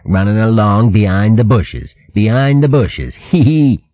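A man's voice: fairly low pitch, lively intonation, a little slow, no echo, narrow, tinny audio, pitched above the performer's own voice. A man voicing a nasty young water rat who mimics others in a sing-song voice with tittering. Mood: mocking.

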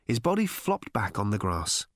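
Male audiobook narrator, deadpan and measured, lively pitch, super dry close sound. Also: no echo.

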